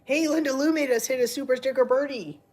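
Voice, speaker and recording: A woman's voice: high voice, quick pace, a little mellow. A woman hosting a casual livestream with her cats, chatting to viewers, laughing often and cooing at the cats in baby talk. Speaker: livestream host with pet cats.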